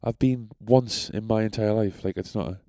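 A young man tells a meandering podcast story, full of swearing and jokes at his own expense. His voice sits low and mellow. The recording is dry and close. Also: steady tone, normal speed, dry recording. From North East England. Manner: rambling, sweary, self-deprecating. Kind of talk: casual storytelling.

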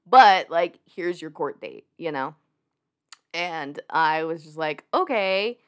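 Her voice sits low and she takes her time, a young woman chatting through a personal anecdote on a podcast. She laughs a lot, stays animated, and leans heavily on fillers in this relaxed story.

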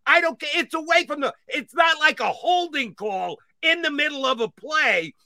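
In a very high-pitched voice at a moderate pace, a middle-aged sports radio host gets animated and rants about the referees' calls. There is no room sound at all.

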